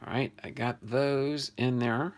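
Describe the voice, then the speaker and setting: A man's voice: mid-range voice, steady tone, unhurried. An older man from New Jersey hosting a casual live stream about sports cards, chatting loosely and correcting himself as he goes. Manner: chatty, self-correcting, thinking aloud. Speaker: sports card channel host.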